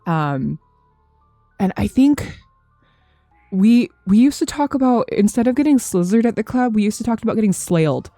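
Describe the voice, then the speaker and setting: A woman's voice: on the high side, animated, normal speed, warm tone, no room sound, faint music behind. A woman in her thirties streaming from home, chatting loosely with her viewers, rambling, swearing freely and laughing often. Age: 30s. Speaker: game streamer. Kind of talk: casual chat with live chat.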